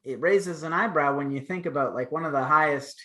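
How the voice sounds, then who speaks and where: A man's voice: on the high side, fairly quick, sharp tone. A man in his thirties co-hosting a casual wrestling chat show, talking in long rambling runs with fillers and restarts. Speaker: podcast co-host.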